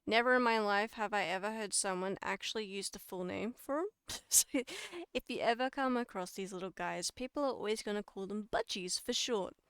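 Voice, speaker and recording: Giving a relaxed livestream lecture, a talkative Australian woman walks her chat through the material, chuckling at her mistakes and fixing them on the fly. She speaks fairly quickly in a smooth, clear, mid-range voice with a fairly bright tone, recorded dry and close without echo or room sound.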